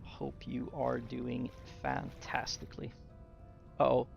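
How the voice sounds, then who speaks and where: A man's voice: medium pitch, completely flat delivery, takes it slowly, vocal fry, dull audio, faint music behind. A young man who streams games, muttering to himself while he builds and chatting casually with his viewers. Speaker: game streamer. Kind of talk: casual gameplay commentary to chat.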